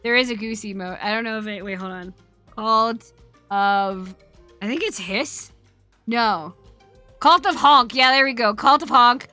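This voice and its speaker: A woman's voice: fairly high pitch, measured pace, bright, forceful tone, soft background music. A woman streamer telling a story in casual chat, talking freely, swearing often and laughing as she goes.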